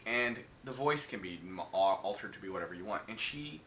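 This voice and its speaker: A man co-hosting a podcast, telling horror movie plots in casual, profane, animated chat. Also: lowish voice, brisk. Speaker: podcast co-host. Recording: echoey room with faint noise.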